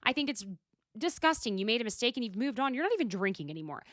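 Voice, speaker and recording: A woman's voice: fairly high pitch, sing-song, fast, a bit bright, no echo, studio quality. A woman hosting a solo podcast, recapping in a blunt, profane, exasperated casual chat. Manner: blunt, profane and exasperated, talking straight to the people she discusses. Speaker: podcast host.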